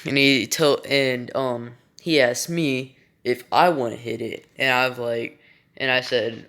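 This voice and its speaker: A young man tells a story at an unhurried, slow pace in a bright, smooth voice. He rambles and swears freely. His sentences are full of fillers and restarts. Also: mid-range voice, fairly even intonation. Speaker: vlogger. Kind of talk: casual storytime.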